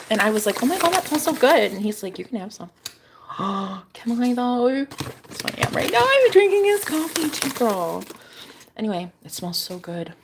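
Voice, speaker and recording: A young woman vlogging in a casual, rambling chat, cursing freely and breaking into high, exclaiming rants. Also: noisy background.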